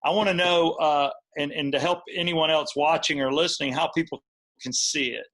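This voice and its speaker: High-pitched male host, eager, swearing, joking with his guest. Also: fairly even intonation, moderate pace, fairly bright tone. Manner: enthusiastic, swearing, joking banter. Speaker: podcast host. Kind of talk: casual podcast hosting.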